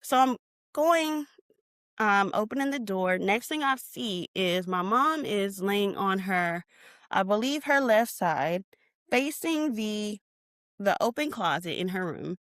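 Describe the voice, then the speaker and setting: A woman's voice: medium pitch, animated, slow, no room sound, clean studio sound. A woman guest on a podcast, recounting a painful memory in an emotional storytelling manner and acting out what she and others said. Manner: emotional retelling, reenacting her own shouts. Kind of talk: personal storytelling interview.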